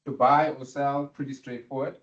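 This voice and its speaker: A man's voice: medium pitch, flat delivery, normal speed. A man giving a university lecture, often asking students if they follow. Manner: questioning, checks understanding often. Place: lecture room. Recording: roomy, dull lecture-hall recording.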